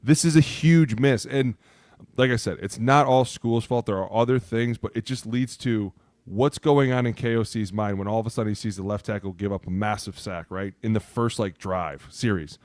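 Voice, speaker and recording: A man's voice: lowish voice, moderate pace, no room sound, studio quality. A middle-aged man, a former football lineman, chatting casually and acting out quotes in his stories. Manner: animated storyteller, acts out quotes, says "right?" a lot. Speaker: podcast guest, former NFL offensive lineman. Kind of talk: casual sports chat.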